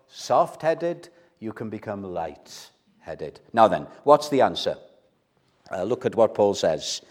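A man's voice: mid-range voice, a little mellow. Older male preacher, emphatic and direct, repeats lines for weight, asks the congregation questions. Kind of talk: sermon.

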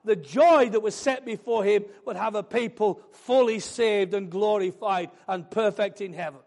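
High-voiced fervent male preacher. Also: normal speed, vocal fry. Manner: fervent, rising to loud declarations. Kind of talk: sermon.

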